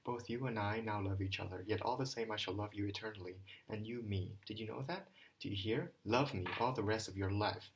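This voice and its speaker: A man's voice: on the low side, fairly quick, lightly acted. A man reading aloud voices a proud, impassioned young woman in an audiobook, speaking in intense declarations. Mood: passionate.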